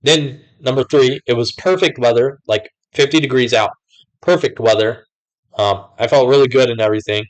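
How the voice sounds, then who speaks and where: A man's voice: mid-range voice, fairly even intonation, normal speed, low-quality recording. A young man vlogging casually, rambling with lots of filler words as he tells what has happened lately. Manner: rambling, many fillers like "like" and "whatever". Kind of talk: casual talk to camera.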